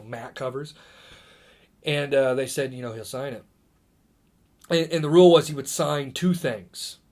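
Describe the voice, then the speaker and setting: A man from Indiana, a podcast guest, telling a story in casual chat, lively and full of fillers and restarts. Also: medium pitch. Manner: animated, acts out quotes, many fillers and restarts.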